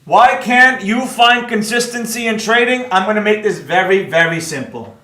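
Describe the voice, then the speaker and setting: A blunt, brash man runs a trading livestream and reads out the viewers' chat as he goes. His voice sits high for a man. The sound comes from an echoey, roomy space. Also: moderate pace, sharp tone. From New York.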